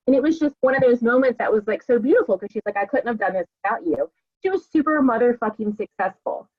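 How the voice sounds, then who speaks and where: Candid, profane woman on a tinny call. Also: on the high side. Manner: candid, profane, filler-heavy. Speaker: coach hosting a group call. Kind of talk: casual motivational talk. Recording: dry, tinny phone-like call audio.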